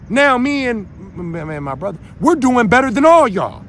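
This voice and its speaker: A man from Minnesota hosting his own show, ranting to viewers in a rambling, emphatic way that swings between loud and quiet. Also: very high-pitched, very animated, normal speed, a little hiss or hum. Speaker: show host. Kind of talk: unscripted rant to viewers.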